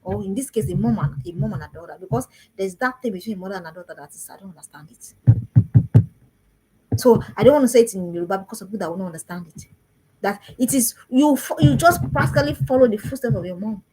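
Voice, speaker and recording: A woman's voice: mid-range voice, expressive, quick pace, dark tone, a little hiss or hum, rough recording. A woman, a parenting coach giving an emphatic talk to parents and repeating phrases for stress.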